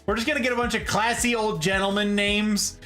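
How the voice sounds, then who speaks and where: A man's voice: sits high, a little fast, faint music behind. A man hosting a casual livestream, chatting animatedly about houseplants and reading out viewer comments. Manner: animated, chatty, reads chat aloud. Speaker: livestream host. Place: indoor room full of plants.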